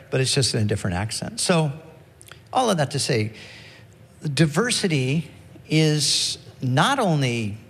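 A male pastor preaching a sermon in a relaxed, conversational way, often restarting his phrases. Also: fairly high pitch, big-room sound. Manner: conversational, many restarts and "you know".

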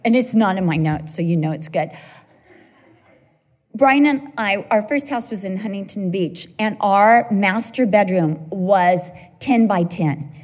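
A woman preaching a sermon, telling a personal story in an animated way with bursts of laughter. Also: mid-range voice, unhurried. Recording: long hall reverb.

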